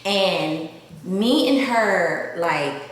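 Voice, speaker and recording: A woman's voice: on the low side, animated, very slow. Rambling woman with a Southern-Valley drawl. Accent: mix of Southern and Valley. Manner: rambling, heavy use of "like" fillers. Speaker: vlogger. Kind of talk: casual confessional storytelling. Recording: very echoey room with faint hiss.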